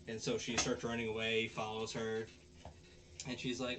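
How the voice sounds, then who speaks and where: A man's voice: on the low side, normal speed. A man hosting a casual podcast, recapping anime episodes in a rambling way with lots of fillers and restarts, and acting out the characters' lines. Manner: acts out characters' lines in animated voices. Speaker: podcast host.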